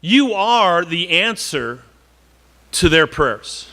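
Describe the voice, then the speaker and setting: A man's voice: high-pitched, big pitch swings, extremely slow, pushed and bright. A man from northern Wisconsin preaching a sermon in an earnest, conversational way, often repeating words and slipping in joking asides.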